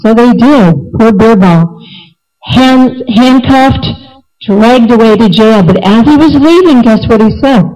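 A woman giving a devotional class, chatty and animated, telling a folk tale with lots of fillers. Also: on the high side, a little slow, poor audio. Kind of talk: storytelling talk to a devotional group.

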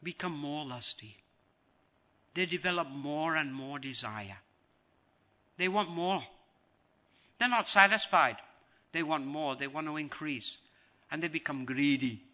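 Man, spiritual teacher, devotional lecture, repetitive, bright sharp tone, slow delivery. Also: fairly high pitch. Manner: repeats phrases for emphasis; animated, acts out scenes.

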